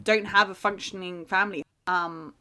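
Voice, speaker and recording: A woman's voice: mid-range voice, steady tone, moderate pace, crowd noise. A young woman co-hosting a casual podcast chat, laughing often and calling her friend "mate". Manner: chatty, laughs often, says "mate" a lot. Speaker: podcast co-host.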